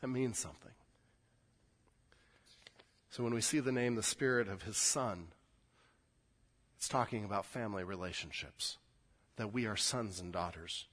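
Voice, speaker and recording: A middle-aged man preaching a sermon, swinging from loud, emphatic scripture reading to quiet, intimate asides, often repeating words as he restarts. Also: fairly low pitch, normal speed, long pauses. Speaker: pastor.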